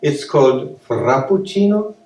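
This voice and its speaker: A man's voice: mid-range voice, sing-song, measured pace, a little mellow. An older British man, an activist musician, chatting with an audience between verses and leading a joking sing-along in a live concert. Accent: British English. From Britain. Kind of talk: live concert, talking and singing with guitar. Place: concert hall before an audience. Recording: roomy live recording with guitar, mic at a distance.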